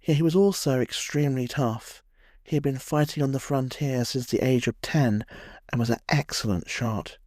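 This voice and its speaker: A man's voice: mid-range voice, moderate pace, darkish tone, dry recording. A man narrating a scripted history tale in a wry storytelling way, with dry humorous asides.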